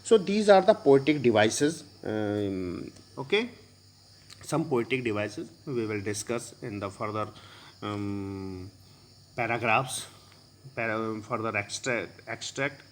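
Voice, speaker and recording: A man with an Indian English accent teaching a poetry lesson to a class, explaining slowly with many pauses and fillers. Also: fairly low pitch, animated, a little hiss or hum.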